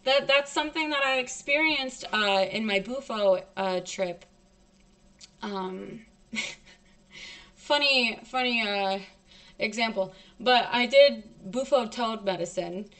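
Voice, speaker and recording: Young woman, streamer, casual storytelling, profane, emphatic, emotional, slightly high voice. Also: takes it slowly, fairly bright tone.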